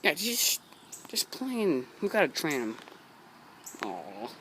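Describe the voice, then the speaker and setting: Low-voiced woman cooing at her pets. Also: huge pitch swings, slow pace. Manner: cooing, playful talk to pets, frequent giggles. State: sleepy, just woke up. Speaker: pet owner filming her cats. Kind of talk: casual home video chat. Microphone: handheld phone camera. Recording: phone video with clear background noise.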